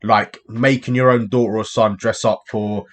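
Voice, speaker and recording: A man's voice: lowish voice, little pitch movement, moderate pace. A British man hosting a reaction video, talking casually and bluntly to viewers and often calling them "man". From United Kingdom. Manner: chatty, blunt, addresses viewers directly with "man". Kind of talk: casual chat.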